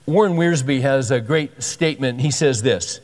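A man's voice: medium pitch, a little slow, a little mellow. A man preaching a sermon as a pastor, conversational and emphatic, often repeating himself for stress. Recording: long hall reverb.

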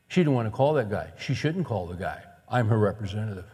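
A man's voice: lowish voice, lively intonation, fast, hardly any pauses, dark tone, slightly rough. A man preaching a sermon as a pastor, earnest and conversational, telling stories and asking rhetorical questions. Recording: long hall reverb.

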